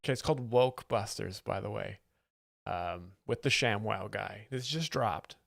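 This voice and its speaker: Gravelly rambling stream host. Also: male voice, fairly low pitch, measured pace, loud music behind the voice. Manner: rambling, amused, reacts to clips. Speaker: livestream host. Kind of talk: casual livestream commentary.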